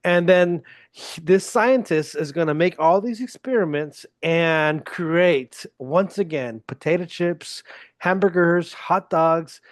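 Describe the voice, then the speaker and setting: A man's voice: fairly high pitch, slow, no echo, studio quality. A man hosting a solo podcast in a casual, self-deprecating, joking manner. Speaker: podcast host.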